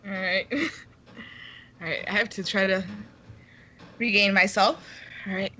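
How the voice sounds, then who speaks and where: A woman's voice: mid-range voice, slow pace, bright, forceful tone, muffled recording, slight background noise. A woman playing a tabletop game, speaking hesitantly and laughing often. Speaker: player.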